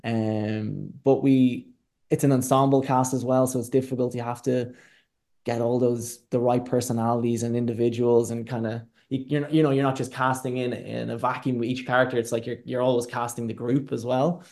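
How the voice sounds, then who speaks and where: A man with a slightly gravelly, mid-pitched voice talks as an interview guest. He is candid and reflective, and his thoughts wander loosely as he explains how he works. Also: little pitch movement, brisk, darkish tone. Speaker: film director, guest. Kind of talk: casual interview talk.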